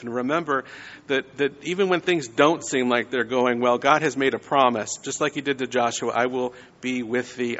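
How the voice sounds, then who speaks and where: A man's voice: mid-range voice, fairly bright tone, in a large hall, highs cut off. A man giving a conversational sermon, often checking in with his listeners. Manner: conversational, frequent "right?" tags. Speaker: preacher.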